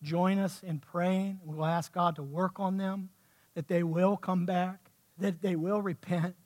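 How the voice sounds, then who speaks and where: A man preaching a sermon to his church, swinging from soft, heartfelt talk to fervent shouting. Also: high-pitched, fairly even intonation, unhurried. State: sweating. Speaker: pastor.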